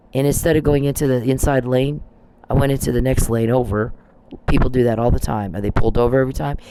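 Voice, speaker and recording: A man's voice: medium pitch, noisy background. A man hosting a solo podcast, delivering an emphatic, repetitive and accusatory rant. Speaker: podcast host.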